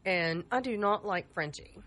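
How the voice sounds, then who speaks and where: A woman co-hosting a morning show, lively and opinionated in casual banter. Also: medium pitch, measured pace.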